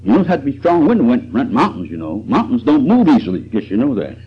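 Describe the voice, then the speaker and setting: Husky preacher man, lively rise and fall. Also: medium pitch, fast. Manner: chuckling asides, rising and falling emphasis. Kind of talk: sermon. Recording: dull lo-fi recording.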